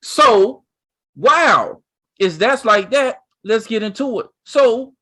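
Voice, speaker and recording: A man co-hosting a casual chat, talking excitedly and rambling, with many restarts. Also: very high voice, takes it slowly. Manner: excited, rambling, with lots of restarts and "you see what I'm saying". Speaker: co-host.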